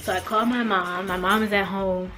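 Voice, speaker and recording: A young woman from the Mid-US telling a casual storytime vlog, animated and acting out quoted lines with big jumps in her voice. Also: medium pitch, a little fast, faint music behind. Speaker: vlogger.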